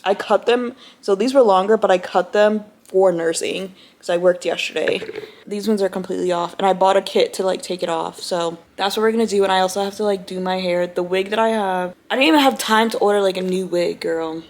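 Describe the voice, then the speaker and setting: A young woman talks to her camera at home in an open, heartfelt way, close to tears as she speaks. Her voice sits at a middle pitch. She keeps it casual and chatty, full of "like", "you know" and "girl". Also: a little fast, a little mellow. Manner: casual, chatty, calls viewers "y'all" and "girl". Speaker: vlogger. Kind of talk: emotional personal vlog talk to camera.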